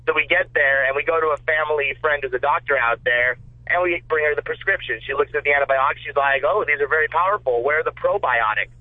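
A man calling in to a talk show, telling a story in a loose, swearing, animated way. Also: a little high, fast, dry recording. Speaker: caller. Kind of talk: casual call-in story. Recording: tinny phone line.

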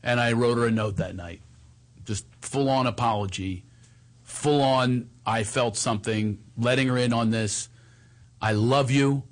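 Animated man telling a story, laughing. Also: mid-range voice, a little slow. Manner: animated, laughing, acts out what others said. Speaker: comedian guest. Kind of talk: storytelling in a conversation.

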